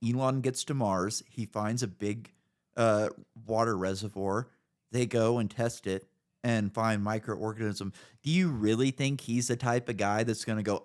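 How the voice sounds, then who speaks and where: A man's voice: fairly low pitch, steady tone, measured pace, a little mellow. Ranting, profane man in his thirties. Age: 30s. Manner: profane, ranting, mocking voices in quotes. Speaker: podcast co-host. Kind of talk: casual podcast banter.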